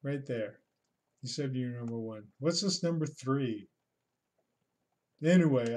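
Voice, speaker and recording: A man's voice: mid-range voice, measured pace, long pauses, a little mellow. A man streaming himself as he watches a scare video, commenting in a dry, unimpressed, mocking way. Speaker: livestreamer reacting to a video. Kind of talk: casual reaction commentary.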